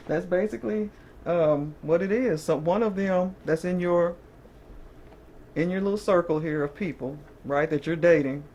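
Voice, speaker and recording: A woman's voice: on the low side, moderate pace, mellow, slight background noise. A woman giving a casual, chatty tarot reading to camera, often checking in with her listeners and breaking into short laughs. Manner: chatty, keeps checking in with "okay?". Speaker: tarot reader.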